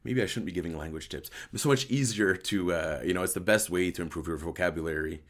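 A tired, hoarse male host with a slight French-Canadian accent, chatting casually and rambling as he answers a live chat. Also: deep voice, fast talker, a bit bright. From Quebec, Canada. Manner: rambling, self-deprecating, switches between English and French.

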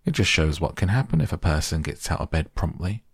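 A man's voice: low-pitched, very animated, a little fast, creaky, slightly rough, dry recording, clean studio sound, heavily acted. A man doing a wry teasing farmer father.

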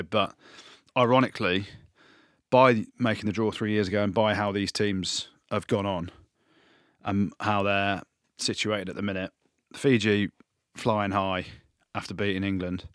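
A man co-hosting a casual sports podcast, chatty and excitable, his voice jumping up when he jokes. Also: moderate pace, dry recording, studio quality. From Wales. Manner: excitable, jumps up in pitch when joking. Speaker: podcast co-host, pundit.

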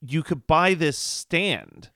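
A man, rambling through a casual podcast chat and laughing as he goes. His voice is smooth and clear, and it sits close and dry on the mic. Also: fairly high pitch, slow pace, pushed and bright, dry recording. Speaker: podcast co-host.

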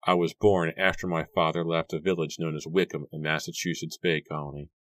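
Man doing troubled young farmhand, low trembling voice, very deep, dry close sound. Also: level tone, a little fast, a bit bright, dry recording.

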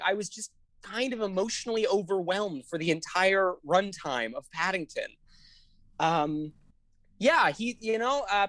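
A woman co-hosting a podcast in casual chat, gushing and excitable, often laughing and swearing. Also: on the low side, dry recording, studio quality. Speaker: podcast co-host.

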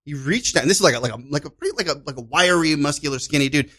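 A man's voice: fairly high pitch, lively intonation, racing, pushed and bright. A man from Chicago, a podcast guest, telling a story in casual chat and acting out voices and sounds as he goes.

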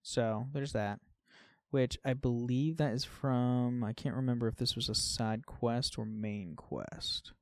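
Talking about a game on a podcast he co-hosts, a man with a mid-range voice speaks unhurriedly and chattily, peppering his talk with "like" and letting sentences fade out softly on it. The audio is dry.

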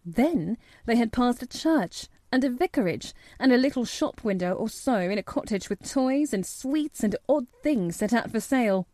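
A woman giving steady, measured scripted narration of a children's classic for an audiobook. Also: on the high side, no echo.

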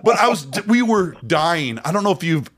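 A man's voice: on the high side, normal speed. Laughing young man telling stories. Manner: animated storytelling, laughing often. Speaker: podcast co-host. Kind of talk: casual chat.

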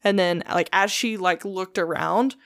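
A woman's voice: on the low side, a little slow, a bit bright, no echo, studio quality. A young woman hosting a podcast, retelling ghost stories in a loose, profane, filler-heavy way. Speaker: podcast host. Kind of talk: casual storytelling chat.

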